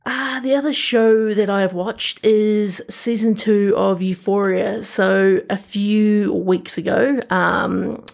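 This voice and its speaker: A high-sitting male voice, steady and creaky, delivered slowly with few pauses. As a podcast co-host, he chats casually through TV show reviews, rambling with plenty of fillers and restarts.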